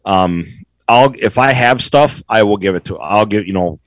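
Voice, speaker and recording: A man with a lowish voice rambles through a story on a podcast, unhurried and full of ums. The sound is dry and close to the mic. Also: no echo. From Florida. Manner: relaxed, rambling, lots of ums. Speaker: podcast co-host. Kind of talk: casual storytelling chat.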